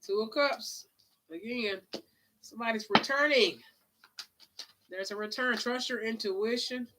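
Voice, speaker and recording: A woman's voice: fairly high pitch, measured pace, background noise. A woman giving a casual live tarot reading, chatty and drawling, sniffling now and then. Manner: chatty, drawling, calls listeners honey and child. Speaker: tarot reader.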